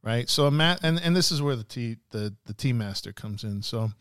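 In casual podcast storytelling, a male guest recounts a martial arts story and muses, rambling with lots of fillers, restarts, and offhand profanity. His mid-range voice is clear, resonant, and fairly bright, with lively intonation and a slightly fast pace, in clean studio sound without room echo.

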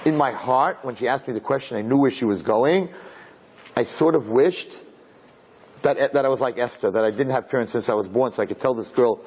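Male rabbi speaker, husky mid-pitched voice, animated storyteller who acts out the dialogue. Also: a little fast. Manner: animated storyteller acting out dialogue, mixing in Hebrew and Yiddish terms. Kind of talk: inspirational storytelling talk.

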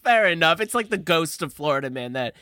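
An easygoing young man co-hosting a podcast, trailing off mid-thought and laughing often. His voice is bright with a lively, wide-ranging melody. The sound is dry and close. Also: fairly high pitch, a little fast, clean tone, no echo. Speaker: podcast co-host. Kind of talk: casual podcast chat.

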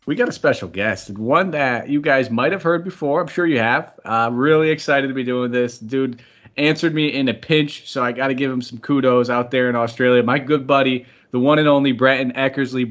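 An upbeat man from the United States runs a sports podcast, talking friendly and loose as he rambles through the slate. His mic sounds a little dull and lo-fi. His pitch sits right in the middle. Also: fairly bright tone. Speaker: podcast host. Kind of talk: sports betting podcast talk.

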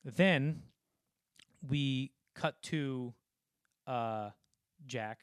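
A man on a podcast walking through film scenes at length, rambling and slipping into quick impressions of the characters. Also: medium pitch, clear, resonant tone, no room sound, studio quality. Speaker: podcast co-host. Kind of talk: casual film discussion.

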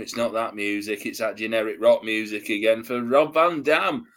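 A man's voice: fairly low pitch, moderate pace, fairly bright tone. A man co-hosting a wrestling podcast, joking and chatty, who laughs at his own asides. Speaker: podcast co-host. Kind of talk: casual wrestling review chat.

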